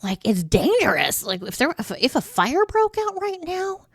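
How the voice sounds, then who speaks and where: A woman's voice: sits high, wildly swooping pitch, moderate pace, no room sound. A middle-aged woman chatting casually to the camera as a vlogger, rambling through stories with asides and fillers. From United States.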